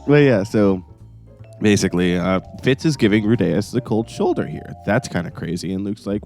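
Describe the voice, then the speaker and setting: A man with a very low voice talks through an anime episode in relaxed podcast chat. He recaps scenes loosely and keeps breaking into laughter, with faint music behind him. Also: moderate pace, vocal fry. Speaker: anime review co-host.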